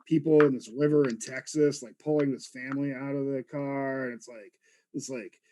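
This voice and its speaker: A man's voice: medium pitch, fairly even intonation, moderate pace, mellow, slight background noise. A man guesting on a podcast, talking casually and earnestly in a rambling way, full of fillers. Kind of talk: casual chat.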